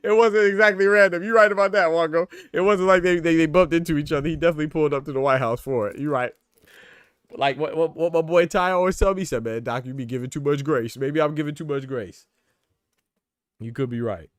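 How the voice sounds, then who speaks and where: A man's voice: a little high, fast talker, smooth, no room sound, clean studio sound. A man hosting a boxing livestream, chatting casually in slang, reading out and answering viewers by name. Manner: relaxed, slangy, reads chat aloud. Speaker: boxing commentary host.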